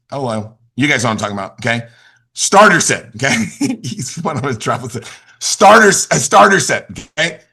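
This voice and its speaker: A middle-aged man leading a motivational team call, energetic and repetitive, asking questions and answering them himself. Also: on the high side. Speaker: team leader and youth football coach.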